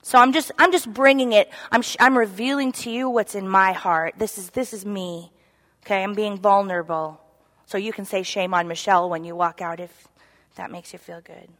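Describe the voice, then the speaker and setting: A woman giving an earnest, confessional sermon, moving between loud emphasis and soft whispered asides. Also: mid-range voice, steady tone, normal speed. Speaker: church speaker. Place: church sanctuary. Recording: long echo of a large hall.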